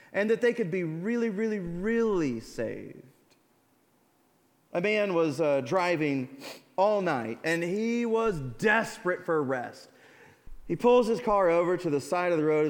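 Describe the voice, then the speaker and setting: A man preaching a sermon as pastor, telling stories with lively acted-out voices. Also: a little high, long reverb tail. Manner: animated storytelling, acts out voices in anecdotes. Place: church sanctuary.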